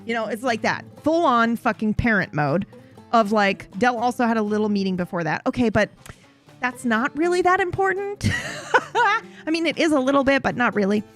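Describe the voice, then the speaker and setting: A woman's voice: fairly high pitch, very animated, normal speed, soft background music. A woman streamer recapping a roleplay story in a chatty, profane way, often interrupting herself.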